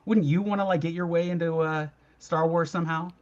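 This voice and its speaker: Male co-host, higher-pitched, detail-oriented talker, dull lo-fi recording. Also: steady tone, brisk, a little mellow. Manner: detail-focused, filler-heavy, uses "like" often. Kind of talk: casual chat.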